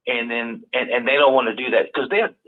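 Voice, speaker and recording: A man with a Cajun Southern accent, a guest on a call-in show, talking in halting bursts full of repeated words. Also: medium pitch, fairly even intonation. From Louisiana, US South. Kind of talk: casual call-in talk. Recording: tinny phone-line audio.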